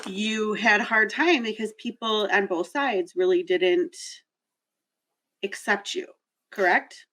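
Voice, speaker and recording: A woman's voice: medium pitch, takes it slowly, a bit bright, rough recording. A woman hosting a casual discussion, talking candidly and reflectively and often restarting her thoughts. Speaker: host.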